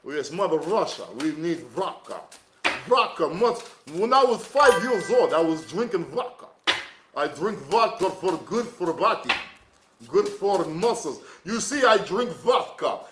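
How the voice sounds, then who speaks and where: A man's voice: sits high, big pitch swings, measured pace, noisy background. A man putting on a boastful vodka-loving Russian tough guy. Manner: broken English, mock heavy accent. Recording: echoey room.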